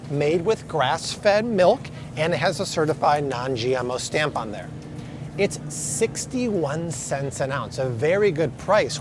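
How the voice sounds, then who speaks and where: An upbeat man walks the store aisles as he vlogs, leaning hard on each price he calls out. His voice sits a touch higher than most men's. A faint hum of the store carries underneath. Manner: upbeat, emphatic price comparisons. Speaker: grocery vlogger. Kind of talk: store walkthrough vlog. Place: supermarket aisles.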